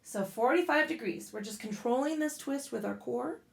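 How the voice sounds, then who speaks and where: A woman with a slightly high voice leads a yoga class in a casual, cussing way and cracks blunt jokes between the poses. The sound is roomy and echoey. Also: normal speed, creaky. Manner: casual and profane, with blunt joking rants. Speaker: yoga instructor. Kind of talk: guided yoga class instruction. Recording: echoey room.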